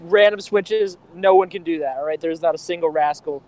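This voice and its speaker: A man's voice: a little high, brisk, a little mellow, rough recording. A man giving his firm opinions as a guest in a casual gaming interview. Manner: opinionated, emphatic. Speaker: team player, guest. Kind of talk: casual chat over voice call.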